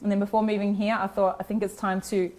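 A woman talks as a guest in a relaxed chat. She speaks earnestly and reflectively, often pausing to restart her sentences. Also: mid-range voice. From Australia. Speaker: guest, community organizer. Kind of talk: casual chat.

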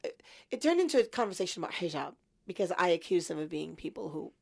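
Woman, fifties, low voice, gravelly, interview guest, animated storyteller. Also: fast talker. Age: 50s. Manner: animated storyteller, acts out her past self.

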